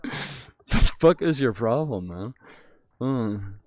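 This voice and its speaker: A man chatting with strangers in a VR game, crude and teasing, swinging from mumbles to shrill giggles and shouts. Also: lively intonation, slow, dry recording. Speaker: VR streamer. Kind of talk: casual VR chat with strangers.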